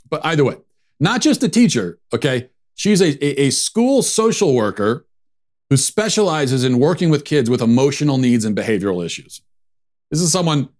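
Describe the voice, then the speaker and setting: A man's voice: mid-range voice, a little mellow. A man hosting a political commentary show, sarcastic and dismissive in a conversational way.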